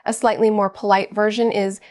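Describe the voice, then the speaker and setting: A woman talks learners through an English lesson in scripted narration. Her delivery is slow, clear and evenly paced, in a middle pitch. The sound is dry, with no room echo. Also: flat delivery, a little mellow. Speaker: English teacher.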